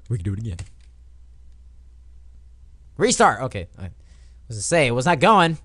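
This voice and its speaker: A young gamer provides casual let's play commentary at a medium pitch, swearing and yelling at the game before sinking into a quiet mutter. The recording is dry.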